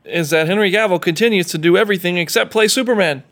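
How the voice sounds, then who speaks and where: A man's voice: high-pitched, fast talker, fairly bright tone. A man appearing as a podcast guest in casual chat, blunt and wisecracking.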